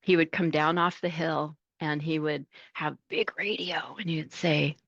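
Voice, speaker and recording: A middle-aged woman tells her stories as a guest in a casual interview. She is animated and acts out the voices she quotes, in a lowish voice. The recording is dry and a bit dull. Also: measured pace, dry recording. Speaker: truck driver guest.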